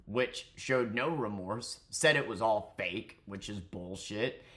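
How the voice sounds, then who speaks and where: A man's voice: on the low side, slow, fairly bright tone. A man ranting angrily in a commentary vlog, profane and mocking. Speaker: commentary vlogger.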